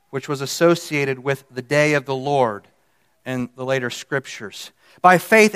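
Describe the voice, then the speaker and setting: A man's voice: a little high, a bit bright, smooth. A man teaching through a Bible passage in sermon style, earnest and emphatic, stressing key words and sometimes correcting himself.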